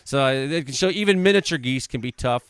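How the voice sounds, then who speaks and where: A man commenting on animal videos in a casual, joking style. He gets excitable and swears freely. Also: medium pitch, quick pace, clear, resonant tone, no room sound. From Canada.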